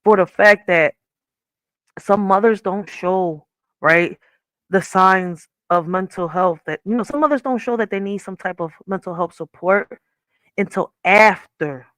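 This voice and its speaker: Woman host, thirties, loose candid talk with swearing, mid-pitched, dry close recording. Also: measured pace, a bit bright, dry recording. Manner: candid, rambling, profane, asks 'you see where I'm coming from'. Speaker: podcast host. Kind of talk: casual commentary.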